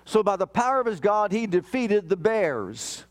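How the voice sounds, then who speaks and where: Middle-aged male pastor, high voice, emphatic sermon delivery with scripture readings and anecdotes. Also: very animated, normal speed. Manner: emphatic preaching, reads scripture aloud, tells family anecdotes.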